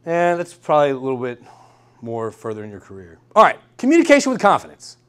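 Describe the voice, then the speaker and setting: Upbeat man giving a lecture, higher voice. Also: fast talker, clear, resonant tone. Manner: energetic, repeats key points and checks in with "all right?". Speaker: guest lecturer. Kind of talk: university workshop talk. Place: lecture room.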